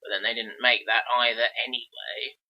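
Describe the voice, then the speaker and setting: A woman's voice: extremely low pitch, flat delivery, moderate pace. A woman co-hosting a podcast, adding dry, skeptical remarks in casual chat about films. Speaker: podcast co-host. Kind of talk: casual film review chat. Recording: dull lo-fi podcast audio.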